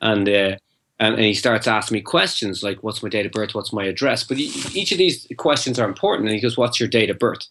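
A fairly low-voiced man spins a long rambling anecdote in an interview, quoting both sides of a conversation. He restarts his sentences often and keeps the story rolling, as a guest talking to a host. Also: brisk, a bit bright, a little hiss or hum. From Ireland. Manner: rambling anecdote with acted-out dialogue, frequent restarts.

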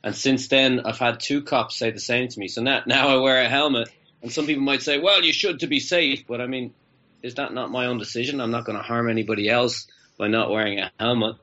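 A man's voice: mid-range voice, little pitch movement, brisk, sharp tone. An Irish man, a comedian guest on a radio interview, telling stories in a joking, incredulous way. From Ireland. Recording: dull lo-fi radio audio.

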